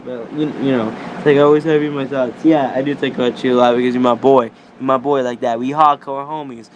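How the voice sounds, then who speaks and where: A man's voice: medium pitch, fairly even intonation, fast talker, dull audio, background noise. A young man ranting in a voice message, profane, exasperated and rambling.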